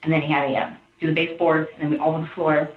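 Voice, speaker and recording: A woman recounts events to an interviewer, rambling and acting out the quotes. Her voice sits a little low, and the archival recording is tinny and echoey. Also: level tone, rapid-fire. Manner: rambling retelling, acts out quotes.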